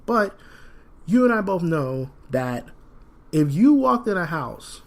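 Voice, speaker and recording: A man hosting a solo podcast in a rambling, animated way, sniffling from a cold. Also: fairly high pitch, slow. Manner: rambling and animated, frequent fillers. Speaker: podcast host. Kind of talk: casual solo podcast talk.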